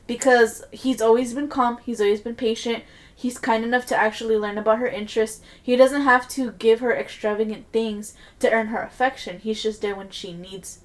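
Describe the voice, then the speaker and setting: A woman co-hosting a podcast in casual chat, talking in an animated way with frequent swearing and quick outbursts. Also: fairly high pitch. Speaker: podcast co-host.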